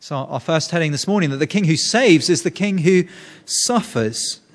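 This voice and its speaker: A preacher with a fairly high-pitched voice delivers a sermon at a moderate, animated pace, and the hall around him is reverberant. His explanation of scripture is earnest, with frequent restarts mid-sentence.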